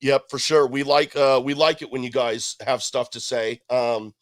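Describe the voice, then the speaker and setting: A man's voice: medium pitch, steady tone, normal speed, dry recording. A man co-hosting a podcast, chatting loosely about an album with plenty of fillers. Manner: loose, rambling, fillers and restarts. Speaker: podcast co-host. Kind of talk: casual album review chat.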